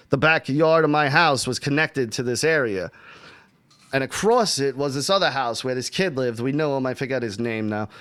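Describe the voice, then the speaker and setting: A man's voice: medium pitch, smooth, no echo. A man casually telling profane stories from his childhood on a podcast. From Texas. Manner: profane, animated storytelling. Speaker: podcast host. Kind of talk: casual storytelling chat.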